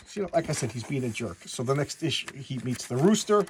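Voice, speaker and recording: A man's voice: mid-range voice, expressive, quick pace, a little hiss or hum. A man giving a casual, chatty comic book review, rambling through the story with frequent restarts.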